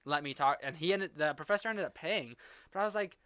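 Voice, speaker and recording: A man co-hosting a casual chat podcast, telling a story with animated quoted voices. His tone is bright and forward. The recording is dry and close, with no room sound. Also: high voice, fast, no room sound. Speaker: podcast co-host.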